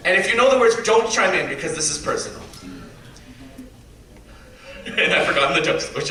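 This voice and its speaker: A man's voice: on the high side, normal speed, pauses often, a crowd in the background. A man performing live stand-up at a convention, animatedly acting out the people in his story. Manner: animated, acts out other people's lines. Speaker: stand-up comedian. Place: convention panel room with a live audience. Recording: echoey room, distant mic, audience noise.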